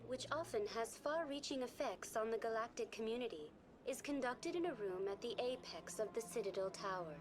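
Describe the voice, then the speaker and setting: A woman voicing a calm virtual station guide. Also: a little high, natural voice, rough recording. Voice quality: polished, even, informative delivery. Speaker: in-game information terminal. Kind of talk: scripted game voice acting. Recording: game audio with music behind.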